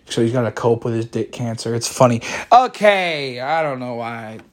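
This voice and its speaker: This is a casual, rambling solo podcast monologue from a Chicago-area man who swears freely, tosses off wry jokes, and breaks into rants. He speaks in a mid-range voice at a moderate pace.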